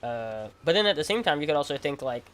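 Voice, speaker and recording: A man's voice: fairly high pitch, very animated, fast talker, fairly bright tone. A man streaming a game, chatting casually in slang, rambling and repeating himself as he tells stories. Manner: casual slang, says "bro" and "freaking". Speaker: gaming streamer. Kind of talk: casual livestream chat while playing.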